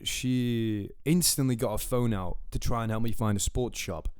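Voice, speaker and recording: A man's voice: medium pitch, normal speed, a little mellow, clear, resonant tone, no room sound, studio quality. Rambling young man telling travel stories. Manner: rambling anecdotes with quoted voices, swearing. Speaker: podcast co-host. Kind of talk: casual storytelling chat.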